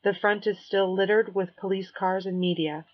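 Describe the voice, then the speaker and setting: A woman reading a novel aloud in first person as an audiobook narrator, measured and clear. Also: medium pitch, fairly even intonation. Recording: dull lo-fi recording.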